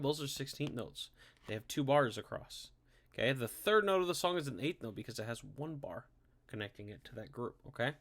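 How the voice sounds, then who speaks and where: A man's voice: mid-range voice, noisy background. A man teaching a casual online drumline lesson, upbeat and chatty, counting rhythms aloud and often checking in with "okay?". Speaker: music teacher. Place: home, recording to camera.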